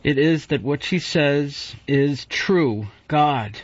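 A man's voice: fairly high pitch, slow pace, breathy edge, voice pushed up. A man reading an audiobook voices a guarded, emotional young woman who speaks hastily. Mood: distressed. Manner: tense, hasty. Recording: dull, dry audiobook recording.

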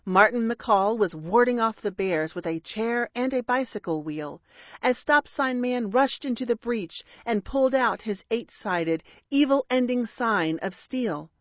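A woman reading a rhyming children's story aloud with a measured, expressive delivery. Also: on the high side, dry recording, dull audio. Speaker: narrator.

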